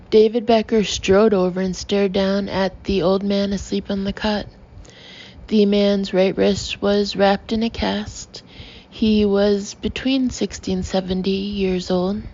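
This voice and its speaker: A woman narrating an audiobook in a steady, even reading manner. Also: mid-range voice, takes it slowly, muffled recording.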